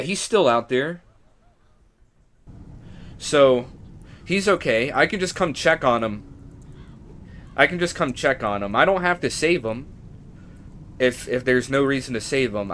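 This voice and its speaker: A man streaming a game live, chatting casually to viewers and getting emotional and excitable, at times nearly shrieking. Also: mid-range voice. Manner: emotional, excitable, shifts from calm to near-shrieking.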